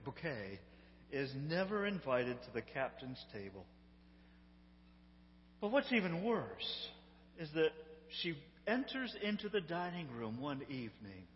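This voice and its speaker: A man casually retelling a sitcom episode in an animated, amused, conversational way, recorded on a handheld phone. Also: fairly high pitch, big-room sound, dull audio, a little hiss or hum.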